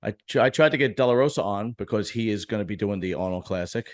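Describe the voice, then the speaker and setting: A man's voice: on the low side, quick pace. A man hosting a casual bodybuilding podcast, joking and swearing, rambling with restarts. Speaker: podcast host.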